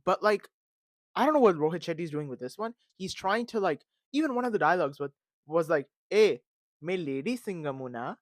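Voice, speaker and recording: A man hosting a podcast, talking in a casual, animated and dramatic rant full of fillers and recorded on a phone. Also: high voice, brisk, no echo, clean studio sound. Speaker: podcast host. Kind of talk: casual ranting commentary.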